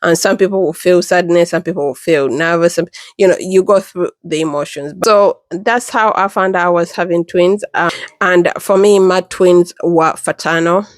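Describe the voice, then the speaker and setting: Chatty mum retelling a twin surprise. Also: female voice, moderate pace, hardly any pauses, no room sound, studio quality. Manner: chatty and animated, acts out quoted voices with pitch jumps. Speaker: mother sharing her twin pregnancy story. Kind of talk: casual storytelling to camera.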